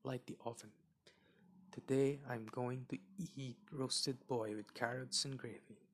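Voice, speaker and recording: A man voicing a cruel old witch who eats children, scolding and growling in a husky, slightly raised voice. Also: medium pitch, fairly even intonation, takes it slowly. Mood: menacing.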